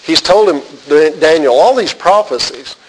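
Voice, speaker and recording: A man teaching verse by verse from the Bible in an earnest, conversational way, sometimes dropping very quiet for emphasis. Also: on the high side, lively intonation, unhurried, husky, poor audio. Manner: earnest, conversational, drops to a near-whisper for emphasis. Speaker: pastor.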